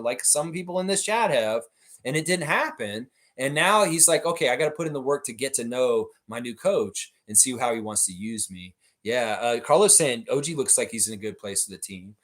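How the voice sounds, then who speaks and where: A man's voice: mid-range voice, fairly bright tone. A man hosting a live watchalong stream, casually reading chat messages aloud and riffing on them with frequent fillers and laughs. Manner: frequent "in some ways" and "uh" fillers. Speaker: livestream host.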